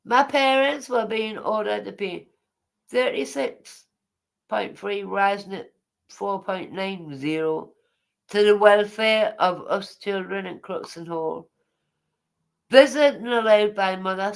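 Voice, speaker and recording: A woman's voice: mid-range voice, slow pace, vocal fry. A woman, casually reading her memoir aloud and breaking off for chatty, teasing asides.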